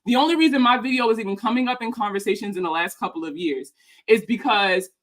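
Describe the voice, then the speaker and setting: A woman who makes personal finance videos, ranting in a heated, profane, sarcastic way as she reacts to a video about her. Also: medium pitch. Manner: profane, heated, fast-talking; sarcastic and mocking. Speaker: personal finance content creator.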